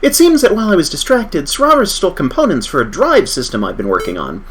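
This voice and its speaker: A man's voice: high voice, wildly swooping pitch, fast talker, fairly bright tone, a little hiss or hum, voice pushed up, full character voice. A man voicing a chatty female scientist in a friendly, rambling way, close to his own voice.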